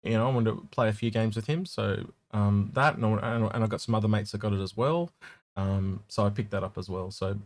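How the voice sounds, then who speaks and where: A man's voice: lowish voice, steady tone, brisk, no room sound. A man chatting casually as a podcast co-host, rambling with lots of restarts. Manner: rambling, many restarts, acts out quoted voices. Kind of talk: casual chat.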